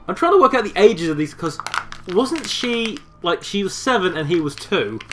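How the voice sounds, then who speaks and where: Man, young adult, high bright voice, wry joking asides, faint hiss. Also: very animated, normal speed. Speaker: podcast co-host. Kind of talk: casual comedic banter.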